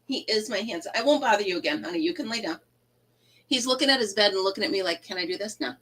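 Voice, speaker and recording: A woman's voice: medium pitch, expressive, quick pace, fairly bright tone, breathy edge, poor audio. A middle-aged woman hosting a casual live chat, telling a funny story and laughing often. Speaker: livestream host.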